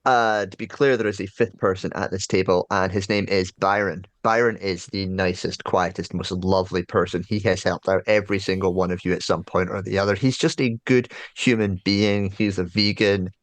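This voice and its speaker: A man's voice: deep voice, moderate pace, hardly any pauses, no echo. A man narrating as game master of a tabletop horror game, telling the scene with many fillers. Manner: lively storyteller, many fillers.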